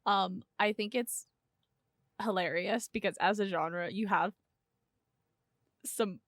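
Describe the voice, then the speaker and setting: A woman's voice: medium pitch, slow pace, no echo, studio quality. A young woman co-hosting a college radio show, chatting casually and gushing with self-mocking humor. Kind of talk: casual chat. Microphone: studio mic.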